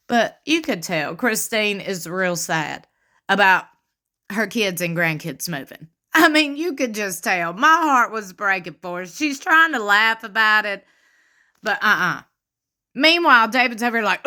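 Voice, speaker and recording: A woman's voice: a little high, lively intonation, normal speed, pushed and bright. A woman, hosting a casual, sassy recap of a reality show and acting out what the cast said. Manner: sassy, chatty, quotes people with playful asides.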